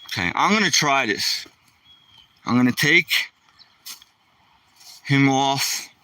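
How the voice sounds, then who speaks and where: A man's voice: medium pitch, lively intonation, slow pace, sharp tone, no room sound, distant mic. A man chatting casually while walking his dog outdoors, rambling and joking to the dog and the camera. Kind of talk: casual vlog chat.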